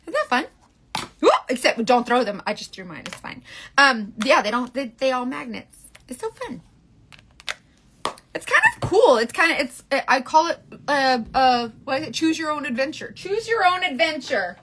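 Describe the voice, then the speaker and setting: A woman's voice: sits high, animated, moderate pace, a bit bright, slight background noise. A woman in her forties hosting a casual live makeup stream, chatty, rambling and candid with her viewers. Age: 40s. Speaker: beauty livestream host.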